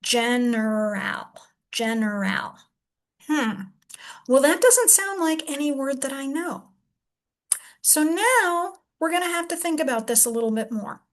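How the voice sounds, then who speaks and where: A woman teacher walks through a word, thinking aloud and sounding out each syllable slowly. Her voice sits a little high. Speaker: reading teacher. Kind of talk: demonstration lesson.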